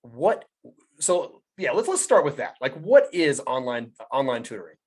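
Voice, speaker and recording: A man hosts a casual podcast interview at a middle pitch. He rambles along in a laid-back way, full of fillers and restarts. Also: sing-song, normal speed, a little mellow, slightly rough. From United States. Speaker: podcast host.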